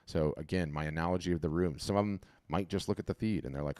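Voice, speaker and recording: Deep-voiced chatty man hosting a webinar. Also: fast, dry recording. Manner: animated, chatty, often repeats and restarts words. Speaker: webinar host auditing artist profiles. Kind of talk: casual live webinar commentary. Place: home. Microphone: video call.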